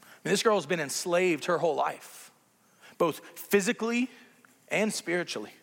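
High-voiced preacher man in a reverberant hall. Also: normal speed, vocal fry. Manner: animated, conversational preaching with playful asides. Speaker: pastor. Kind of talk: sermon.

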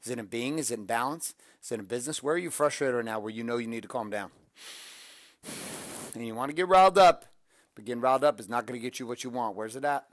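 A man's voice: medium pitch, lively intonation, quick pace, no echo, clean studio sound. A man hosting a motivational talk, coaching listeners through breathing and counting out drills with energy. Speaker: motivational podcast host.

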